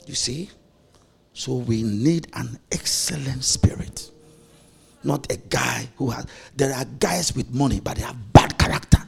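A man's voice: medium pitch, unhurried, creaky, breathy edge. A male pastor preaching a playful, anecdotal sermon, laughing often as he tells stories. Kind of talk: storytelling sermon.

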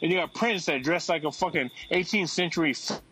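A man's voice: on the high side, fairly quick, sharp tone, husky, no echo, rough recording. A man hosting a podcast in casual chat, brash, profane and opinionated. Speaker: podcast host.

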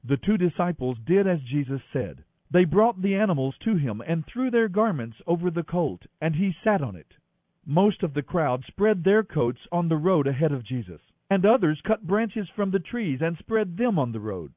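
A man reading scripture aloud in an expressive, animated way. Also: fairly high pitch, normal speed, no echo. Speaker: scripture reader. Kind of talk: scripted narration. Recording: dry, thin phone-like audio.

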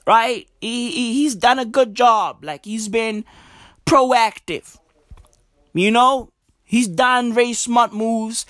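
A man from South Africa hosting a casual, profane rant on his show, animated and forever tacking on "right?". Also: high-pitched, no echo, studio quality. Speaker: podcast host.

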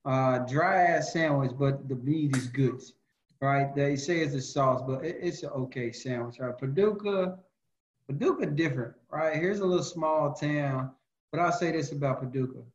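A man's voice: fairly high pitch, normal speed. A man co-hosting a podcast, chatting casually in easygoing, slangy talk. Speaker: podcast co-host. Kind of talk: casual chat. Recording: echoey, dull-sounding room mic.

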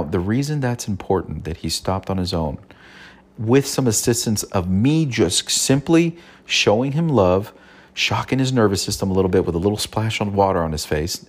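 A father telling a personal parenting story in an earnest way, often repeating and restarting his phrases. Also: lowish voice. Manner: earnest, repeats himself, soft quoted asides. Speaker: father giving parenting advice.

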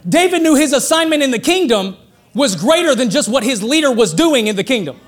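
A man preaching a sermon in a conversational, joking way, getting louder and quicker when he makes a point. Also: very high-pitched. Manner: conversational and joking, rising excitedly for emphasis.

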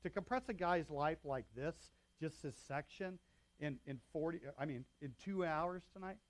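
A male pastor with a slightly raised pitch delivers a sermon in a relaxed, conversational way. He reads scripture aloud and punches the quoted speech with extra force. The sound is close and dry, with little room around it. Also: moderate pace, dry recording. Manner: conversational, checks in with the congregation.

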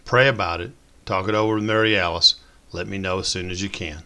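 Earnest big mentor, read by a man, urging, forceful, low voice. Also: steady tone, a little fast, exaggerated voice.

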